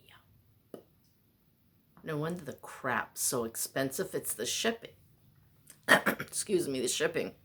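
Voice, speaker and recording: A woman's voice: rumbling low, expressive, slow, long pauses, sharp tone, husky. A woman vlogger delivering a rambling, exasperated, self-mocking monologue.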